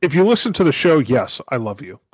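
A man's voice: fairly high pitch, very animated, brisk, slightly rough, dry recording. A man co-hosting a podcast in casual chat, laid-back and wry. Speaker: podcast co-host.

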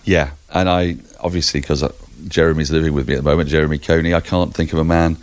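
A man joining a podcast as a guest cricket commentator, speaking in a wry, articulate, lively way. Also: rumbling low, fast, dry recording. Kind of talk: conversational podcast chat.

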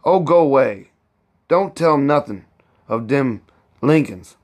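A man's voice: expressive, darkish tone. A man voicing an elderly woman cook who is proud and bossy, speaking in heavy old Southern dialect and scolding as she talks. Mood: boastful. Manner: raised pitch, drawn-out words.

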